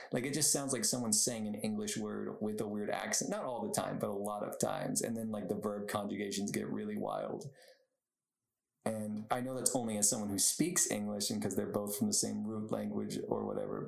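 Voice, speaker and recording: A young man with a low, gravelly voice hosts a solo podcast, chatting loosely and wandering off on tangents. He laughs a lot as he talks. The room around him is echoey. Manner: rambling, goes off on tangents, laughs often. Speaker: podcast host. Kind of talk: casual solo podcast chat.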